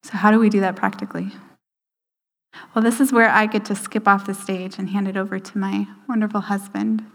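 A woman giving a sermon, slowing down for emphasis and dropping to a hushed voice for quoted lines. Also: medium pitch, flat delivery. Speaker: speaker at a church service. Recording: hall reverb.

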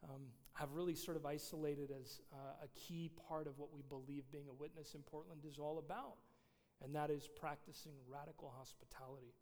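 A man's voice: fairly high pitch, darkish tone. A man, a pastor giving a casual, conversational sermon with many fillers. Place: church sanctuary. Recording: long reverb of a large hall.

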